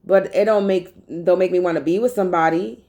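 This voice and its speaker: A woman's voice: on the low side, brisk, warm tone, low-quality recording. A woman vlogger in a rambling casual monologue, talking bluntly and profanely.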